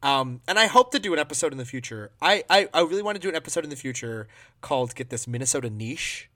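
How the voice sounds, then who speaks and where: A male podcast host tells jokey stories in a casual chat. His voice sits a little high and bright, and his pitch swings widely as he speaks. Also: fast. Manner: animated, joking storyteller.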